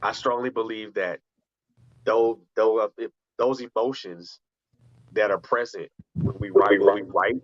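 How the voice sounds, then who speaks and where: With a steady tone and measured pace, this low-leaning male voice belongs to a radio talk show host who is also a poet. He speaks earnestly, restarting phrases as he thinks, first chatting and then performing spoken-word poetry on a lo-fi recording.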